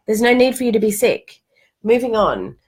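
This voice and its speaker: A hoarse Australian woman with a cold hosts a casual motivational live chat from home. She talks candidly and chattily, restarting her sentences and dropping the occasional swear word. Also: a little high, very animated, moderate pace, a little hiss or hum. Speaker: host of a live stream.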